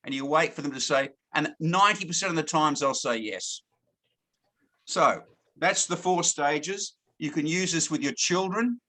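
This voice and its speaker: A man's voice: a little high, normal speed, pushed and bright. A man giving a sales training talk to a team, often stopping to check in with "okay?" and repeating words as he goes. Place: lives in Thailand, now in Australia.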